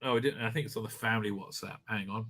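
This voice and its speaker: A man's voice: on the low side, fairly even intonation, quick pace, sharp tone. A man hosting a casual live stream from home, reading out viewer comments, rambling and stammering and laughing often.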